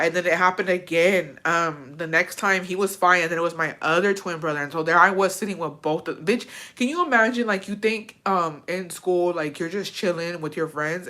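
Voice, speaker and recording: A woman's voice: lowish voice, a bit bright. A young woman casually telling a personal story, swearing often and getting emotional. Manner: profane, emotional, tearful at times. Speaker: vlogger.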